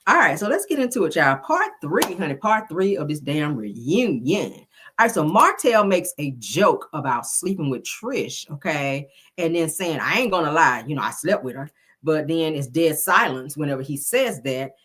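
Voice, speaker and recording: A woman's voice: low-pitched, sing-song, normal speed, a bit bright, breathy edge. A middle-aged woman, casually recapping a reality show, sassy and chatty, a bit congested from a cold. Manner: chatty, sassy, says "child" and "y'all" a lot. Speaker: reality TV review host.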